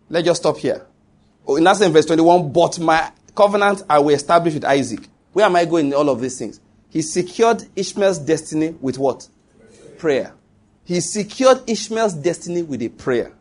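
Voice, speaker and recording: A man's voice: on the high side, lively intonation, normal speed. A middle-aged Nigerian man, a pastor preaching a sermon with emphasis and quizzing his congregation. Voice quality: husky.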